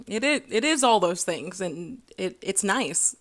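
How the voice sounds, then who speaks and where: A woman's voice: mid-range voice, very animated, a little slow, few pauses, a bit bright. Open, humorous woman telling a story. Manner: open, humorous, exasperated punchline. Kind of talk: casual storytelling.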